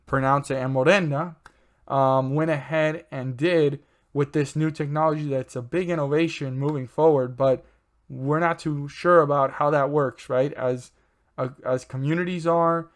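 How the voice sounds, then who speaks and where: A man hosting his own stock channel, talking in a loose, rambling way, with many fillers and self-corrections. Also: medium pitch. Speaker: stock market channel host. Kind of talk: casual rambling commentary.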